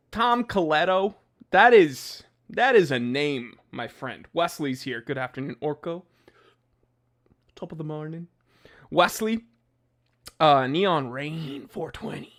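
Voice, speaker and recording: A man's voice: on the high side, expressive, unhurried, a bit bright. A young man hosting a casual livestream from his home office, joking and ranting as he reads names from the chat. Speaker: watch channel host.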